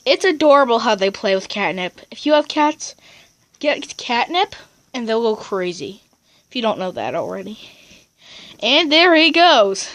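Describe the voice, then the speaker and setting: A woman's voice: a little high, fairly bright tone, no room sound. A woman casually narrating a home video of her cats and chatting to them.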